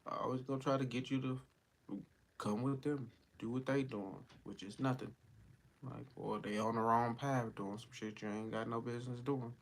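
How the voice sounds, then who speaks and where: A man's voice: medium pitch, steady tone, normal speed, gravelly. Slangy man cussing over an audiobook. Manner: slangy, profane, preachy asides. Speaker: listener commenting on an audiobook. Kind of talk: casual commentary over an audiobook.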